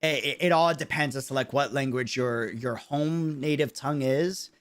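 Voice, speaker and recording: A man with a New York accent chatting on a livestream in a mid-pitched voice. He rambles, restarts his sentences and gropes for the right words, with loose enunciation. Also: moderate pace. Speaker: streamer. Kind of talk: casual commentary on a livestream.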